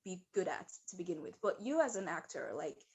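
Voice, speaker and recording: A woman's voice: lowish voice, lively intonation, fairly quick, darkish tone, husky. A woman interviewing a guest in casual talk over a video call, with many fillers and restarts. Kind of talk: casual conversation.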